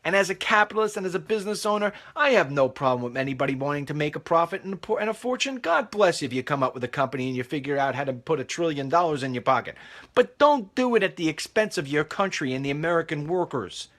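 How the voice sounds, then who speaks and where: A middle-aged talk show host talks fast while walking outdoors, his expressive, slightly bright voice sitting on the high side. His commentary is emphatic, repetitive and preachy.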